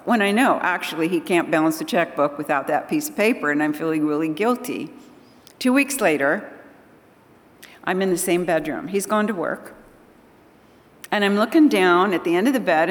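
Older woman telling stories, echoing hall. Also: fairly low pitch. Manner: animated, acting out conversations. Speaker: speaker at a church gathering. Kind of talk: storytelling talk to an audience. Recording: long hall reverb.

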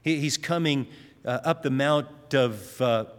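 A man's voice: unhurried, smooth, big-room sound. A man preaching a sermon, telling Bible stories and briefly acting out the characters' lines as he goes. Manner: storytelling, acts out quoted lines with rising pitch.

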